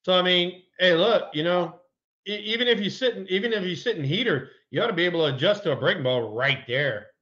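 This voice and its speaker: A man's voice: high voice, animated, fairly quick, pushed and bright, lo-fi sound. A middle-aged man, a former pro baseball player, chatting casually and telling colorful, profane anecdotes. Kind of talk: casual sports chat and storytelling.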